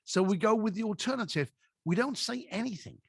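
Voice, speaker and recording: A man guest on a podcast tells stories in a high, swooping voice and slips into little voices for the people he quotes. The sound is close and dry, with no room around it. He keeps the pace of an animated storyteller. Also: fairly quick, creaky, slightly rough, no echo. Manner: acts out quoted dialogue with lively voices.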